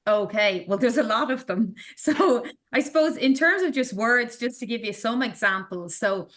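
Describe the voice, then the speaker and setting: A woman's voice: on the high side, lively intonation, normal speed, fairly bright tone. A woman with an Irish accent, a sales and marketing director chatting in an interview, who explains with examples and laughs easily. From Ireland. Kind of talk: casual interview chat.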